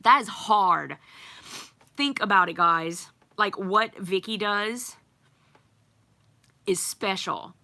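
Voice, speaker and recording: A middle-aged woman hosts a casual livestream, reading viewer comments and rambling along with lots of ums and small laughs. Her mid-range voice sounds pushed and bright, and she takes her time, pausing often.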